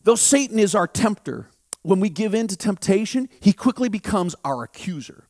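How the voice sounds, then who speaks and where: A man preaching a sermon as a pastor, repeating phrases and building to impassioned shouts. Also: high-pitched, animated, normal speed, dry recording, clean studio sound.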